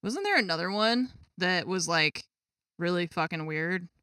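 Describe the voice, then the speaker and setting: A woman's voice: lowish voice, expressive, unhurried, sharp tone, clean tone, no echo, studio quality. A woman streamer chatting casually to her viewers at her gaming desk at home, exasperated and swearing freely. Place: home gaming setup with a cat.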